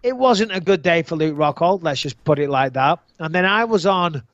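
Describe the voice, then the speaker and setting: A man hosting a podcast, telling stories in an animated, joking way and swearing freely. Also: on the high side, moderate pace, no echo, highs cut off. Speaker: podcast host. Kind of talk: casual podcast chat.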